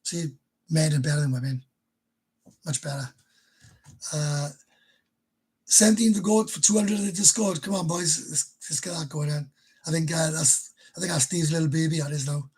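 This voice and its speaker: A man's voice: on the high side, moderate pace, pauses often, a little mellow, slightly rough, low-quality recording. A middle-aged man hosting a casual livestream, talking bluntly and chattily and swearing now and then. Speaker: livestream host.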